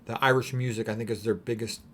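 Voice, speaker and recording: A man giving rambling, opinionated commentary on paintings, clearing his throat often between thoughts. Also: mid-range voice, fairly even intonation, fast talker, slight background noise. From United States. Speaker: art commentator.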